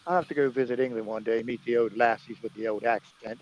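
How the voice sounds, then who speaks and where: A man's voice: medium pitch, steady tone, quick pace, a little mellow, muffled recording. An American man joining a casual livestream chat, telling profane jokes and stories. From United States. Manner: profane, joking storyteller. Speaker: livestream guest.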